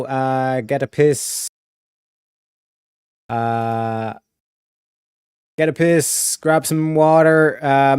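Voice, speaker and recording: Casual streamer man, smooth voice. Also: on the high side, a little mellow, no room sound, studio quality. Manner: casual, slangy. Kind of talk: casual live-stream chat.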